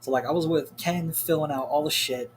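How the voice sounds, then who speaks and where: A man's voice: on the high side, brisk, a little hiss or hum. A young man telling a story in a rambling, casual rant, full of swearing and filler words. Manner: rambling, profane, heavy on "like" fillers. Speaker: vlogger.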